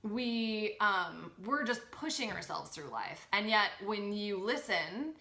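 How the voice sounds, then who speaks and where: A woman talking as a podcast guest about spiritual growth, animated and expressive, acting out her inner voices. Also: mid-range voice, slow, echoey room. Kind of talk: spiritual coaching conversation.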